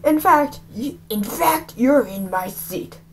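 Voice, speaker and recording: A woman reading aloud, voicing a big, menacing school bully who drawls his threats slowly. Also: high-pitched, lively intonation, a little hiss or hum. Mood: threatening. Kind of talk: amateur audiobook reading.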